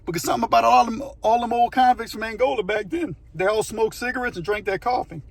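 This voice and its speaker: A man's voice: extremely high pitch, fairly even intonation, fast, vocal fry, no room sound. A man telling a true story in a casual, rambling way, often checking in with "you know what I mean". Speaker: storyteller, channel host.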